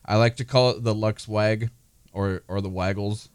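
A man's voice: on the low side, steady tone, moderate pace, clear, resonant tone, no room sound. A man co-hosting a car podcast, reviewing vehicles in a playful, rambling, joking way. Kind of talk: casual joking chat.

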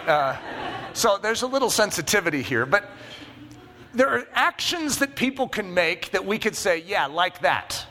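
A man's voice: high voice, bright, forceful tone, big-room sound, a little hiss or hum. A man preaching a sermon, telling a personal story with self-mocking humor and checking in with the congregation. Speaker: pastor.

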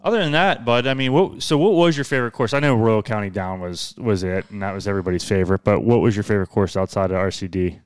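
A man's voice: lowish voice, quick pace, hardly any pauses, clear, resonant tone, no echo, clean studio sound. A man hosting a podcast, chatting casually and teasing his guest. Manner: joking, teasing. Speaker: podcast host. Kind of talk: casual chat.

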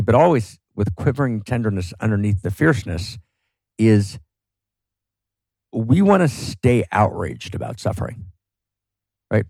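A man's voice: on the low side, a little mellow, dry recording. A man talking as a podcast guest, passionate and emphatic, often checking in with "right?". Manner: fervent, emphatic, frequent "right?" tags. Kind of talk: passionate philosophical talk.

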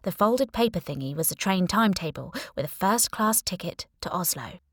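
Low-voiced woman narrating wry audiobook. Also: moderate pace, no echo, studio quality. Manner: expressive, wry, playful. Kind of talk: first-person audiobook narration.

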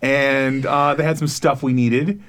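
A man's voice: mid-range voice, steady tone, a little slow, fairly bright tone. A man in his thirties co-hosting a casual podcast, rambling and laughing as he acts out quoted voices. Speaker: podcast co-host.

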